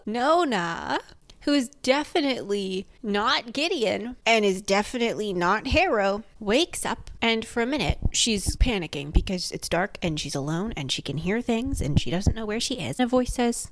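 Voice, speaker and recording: A woman giving a casual, comedic book recap. She switches between animated outbursts and dramatic whispers. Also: mid-range voice, normal speed, no room sound.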